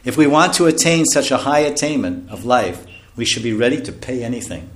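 A man preaches a sermon, speaking in a loose, conversational style. He laughs often and drops into soft, quiet asides. His voice sits at a middle pitch and carries through an echoey room. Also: animated, brisk. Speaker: spiritual teacher.

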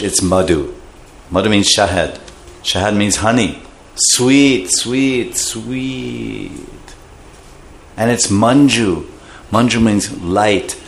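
A man's voice: on the low side, slight background noise. A man giving a scripture class, explaining terms and acting out voices. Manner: animated, acts out voices while explaining terms. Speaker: scripture teacher.

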